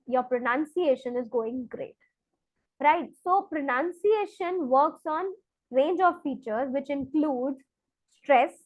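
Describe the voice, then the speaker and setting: A woman's voice: high voice, no echo, lo-fi sound. A woman, teaching an online exam-prep lesson step by step and checking in with rhetorical questions. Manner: explains step by step, asks rhetorical questions like "right?". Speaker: IELTS teacher.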